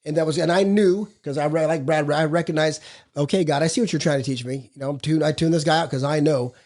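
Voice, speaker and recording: A man's voice: a little high, fairly even intonation, fast talker, darkish tone. A middle-aged man co-hosting a recovery podcast, telling stories in a blunt, profane, casual way. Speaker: podcast co-host. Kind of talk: casual recovery group chat.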